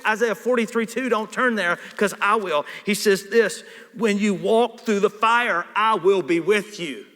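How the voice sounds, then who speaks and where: Preacher, male, animated sermon delivery, bright and sharp, recorded in an echoing hall. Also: very high-pitched. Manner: animated, swings from hushed to shouting. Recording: reverberant hall.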